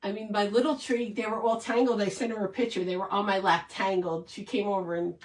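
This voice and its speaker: A woman's voice: mid-range voice, steady tone, fairly quick, far from the mic. A woman chats through a craft livestream, rambling and restarting as she talks to her viewers and gets emotional. Her voice sits in a medium range. It sounds roomy, picked up from a little way off the mic. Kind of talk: casual livestream chat.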